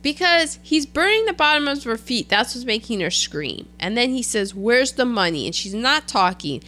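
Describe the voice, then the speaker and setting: A woman co-hosting a casual chat, recapping a film in an animated way and acting out characters' lines. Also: moderate pace. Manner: chatty, animated, quotes characters in a lowered voice. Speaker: podcast co-host.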